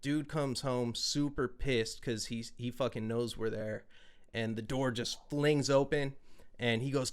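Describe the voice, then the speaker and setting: Profane animated storytelling man. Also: mid-range voice, moderate pace, clear, resonant tone. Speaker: podcast host. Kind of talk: casual chat, storytelling.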